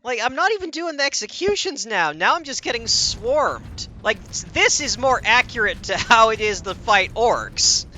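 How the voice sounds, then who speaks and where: A man's voice: extremely high pitch, very animated, moderate pace, hardly any pauses, no echo. A man streaming a video game, commenting casually and swearing as he gets frustrated. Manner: exasperated, swears often, reacts aloud to the game. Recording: loud game music in the background. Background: game music and sound effects.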